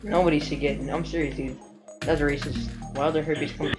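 A man's voice: on the high side, steady tone, fairly quick. A young man chatting casually with friends while playing a game, joking and exasperated. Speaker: gamer recording a session. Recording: game capture with game music.

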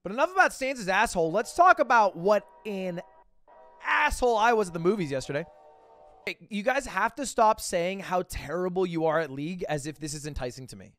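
A man's voice: high-pitched, lively intonation, a little fast, a bit bright, faint music behind. A young man streaming, telling a rambling story to his chat with lots of restarts and swearing.

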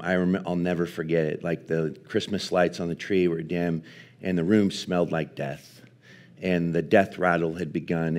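A man preaching at a live church service, telling a personal story in an earnest, halting way with many restarts. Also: low-pitched, darkish tone. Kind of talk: sermon storytelling.

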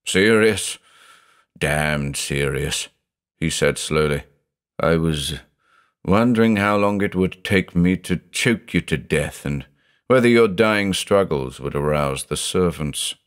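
A man's voice: deep voice, animated, a little slow, clean tone. A man voicing a tormented older male judge who is brooding and anguished and says he is haunted by thoughts of murder.

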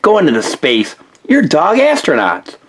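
Guy doing a cheerful young pup team leader, husky, lively. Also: fairly high pitch, measured pace, heavily acted. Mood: proud.

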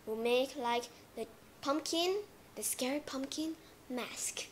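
A woman's voice: high-pitched, takes it slowly, a little hiss or hum. A woman teaching simple in a playful way, acting out little scenes with sound effects. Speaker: English teacher. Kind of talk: simple English lesson for learners.

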